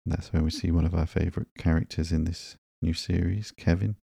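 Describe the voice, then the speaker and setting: A man hosting a podcast, narrating comic books slowly and drowsily in a calm, unhurried way. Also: deep voice, gravelly, breathy edge, no room sound, clean studio sound. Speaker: podcast host. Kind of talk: slow, sleepy comic book narration.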